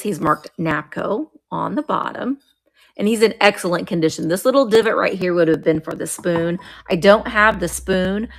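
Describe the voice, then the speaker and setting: Woman, middle-aged, live auction host, chatty, greets viewers by name. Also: fairly low pitch. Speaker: live online auction seller. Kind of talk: live-stream sales chat.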